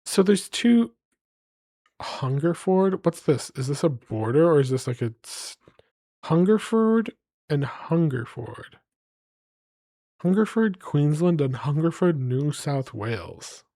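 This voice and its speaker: A man's voice: fairly high pitch, animated, slow pace, mellow, no echo, clean studio sound. A man streaming live, rambling playfully to his chat as he reads place names aloud.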